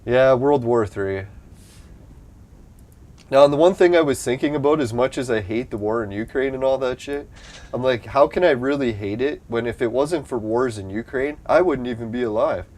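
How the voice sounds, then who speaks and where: A man's voice: mid-range voice, moderate pace, darkish tone. A young adult man from Canada, chatting casually and profanely on a live stream, rambling and laughing often.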